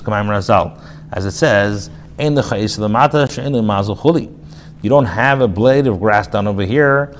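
A rabbi giving a casual spoken class, reading phrases aloud and then explaining them in plain talk, with restarts and fillers. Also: male voice, on the low side, slight background noise. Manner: reads Hebrew phrases then paraphrases them in English; frequent restarts and filler, conversational. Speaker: rabbi teaching a text class.

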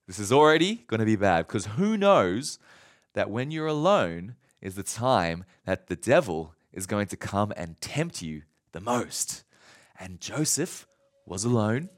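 A man's voice: on the low side, unhurried. A male pastor preaching a sermon, retelling a story and acting out scenes. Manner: animated, acts out scenes.

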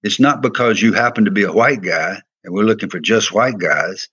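Older Southern man, former coach, husky and low, emphatic storyteller. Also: normal speed, fairly bright tone, highs cut off. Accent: American Southern. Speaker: former pro football player and coach, guest. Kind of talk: storytelling interview.

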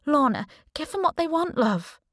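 A woman voicing a tough, caring aunt in an audiobook, firm and calm. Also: sits high, normal speed, no echo, studio quality, pitched above the performer's own voice. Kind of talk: audiobook character reading.

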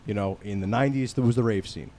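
A man's voice: lowish voice, fast. Profane new jersey man telling stories. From northern New Jersey. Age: 40s. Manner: profane storytelling, loud when quoting friends. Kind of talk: casual chat.

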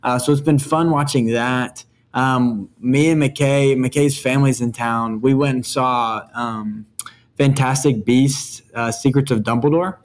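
A man in his twenties co-hosting a casual podcast, relaxed and easygoing, with filler words. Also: mid-range voice, measured pace. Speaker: podcast co-host. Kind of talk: casual chat.

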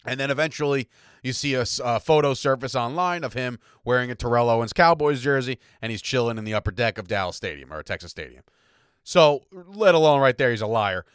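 A man's voice: medium pitch, expressive, fairly quick, a bit bright, clear, resonant tone, no echo, clean studio sound. A man hosting a fan sports podcast, ranting in a fired-up, combative way and often tagging lines with "right?" and "okay?", with a slight cough. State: has a cough. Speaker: podcast host. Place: home attic room.

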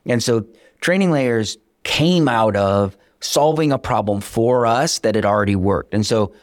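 A man's voice: mid-range voice, measured pace, dry recording, clean studio sound. A man being interviewed as a startup founder, telling his story candidly and with energy, acting out the conversations he recounts. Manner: energetic, candid, self-deprecating, acts out quoted dialogue. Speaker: startup founder, podcast guest.

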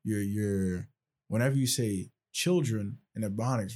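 A man's voice: lowish voice, unhurried, a little mellow. A male podcast host talking casually and explaining at length, checking in often with "right?". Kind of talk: casual conversational podcast talk.

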